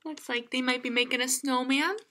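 A woman reading a picture book aloud to young children, gentle and playful, often laughing and asking questions. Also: sits high, steady tone, fairly quick, slight background noise. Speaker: children's librarian. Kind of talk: children's story time reading. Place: library online session.

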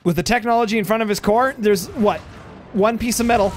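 A man's voice: high voice, fast talker, soft background music. A man giving casual, jokey play-by-play commentary on a strategy game match, his voice starting to tire. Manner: jokey, excitable, voice going tired.

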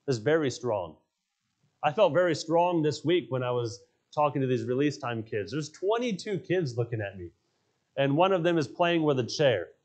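A man's voice: medium pitch, expressive, moderate pace. A male pastor preaching a sermon in a church, telling stories with emphasis and repeating his key phrases. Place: church sanctuary.

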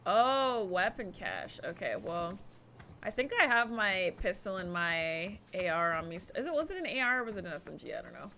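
A woman's voice: fairly low pitch, sing-song, normal speed, pushed and bright, slight background noise. A woman streamer casually commenting while she plays a game, chatty and giggly, talking to herself as she explores. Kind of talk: casual let's-play commentary.

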